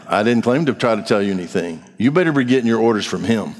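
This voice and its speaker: A middle-aged male pastor delivers a sermon in a direct, conversational way, posing questions and answering them himself. His mid-pitched voice carries a long reverb from the large church sanctuary he preaches in. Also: lively intonation, fast talker, hardly any pauses, darkish tone.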